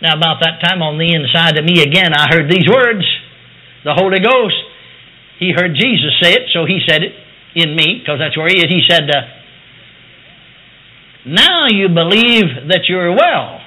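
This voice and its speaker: Husky bright-voiced preacher guy, swings from quiet asides to loud declarations. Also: fairly high pitch, a little fast, poor audio. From United States. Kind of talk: sermon testimony.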